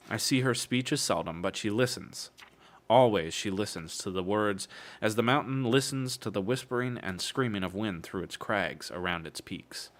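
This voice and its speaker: On a casual stream, a man reads from a novel and keeps cutting in with wry, cursing jokes. His voice is on the low side and fairly bright.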